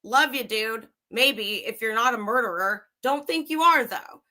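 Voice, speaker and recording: A woman's voice: on the high side, lively intonation, unhurried, few pauses, pushed and bright. A young woman livestreaming true crime commentary, angry, sarcastic and swearing freely as she reads and reacts. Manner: profane, sarcastic, heated.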